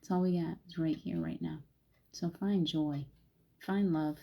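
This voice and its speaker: A woman's voice: deep voice, fairly even intonation, measured pace, vocal fry, highs cut off. A woman hosting a chatty spiritual live stream and guiding a meditation, laughing often. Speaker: spiritual host.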